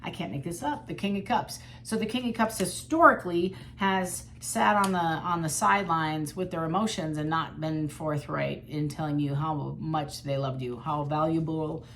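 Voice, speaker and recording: Woman tarot reader, low voice, blunt and chatty, faint background hiss. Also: normal speed, few pauses, fairly bright tone. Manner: chatty, blunt, mildly profane. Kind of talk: casual tarot reading.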